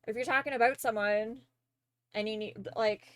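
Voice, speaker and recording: This young streamer with a Canadian accent has a slightly high, clean, somewhat bright voice with fairly even intonation at a normal speed. She rambles through a casual chat while drawing, full of fillers and easy laughter, in a dry recording.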